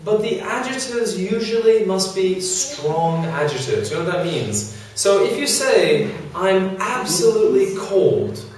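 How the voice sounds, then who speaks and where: A man's voice: sits high, lively intonation, measured pace, hardly any pauses. A man teaching an English grammar lesson to a class, explaining with many examples and fillers. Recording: echoey classroom from far off.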